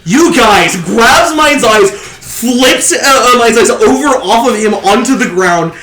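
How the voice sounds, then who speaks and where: High-voiced man running a tabletop game. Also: bright, forceful tone. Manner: halting, many fillers and restarts, laughs often. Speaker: game master. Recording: echoey room, faint noise.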